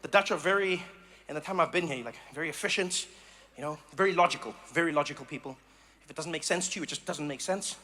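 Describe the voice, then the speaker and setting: A man from South Africa doing stand-up comedy, animated and acting out voices and sounds. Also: fairly high pitch, fast talker, slight background noise. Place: live comedy venue.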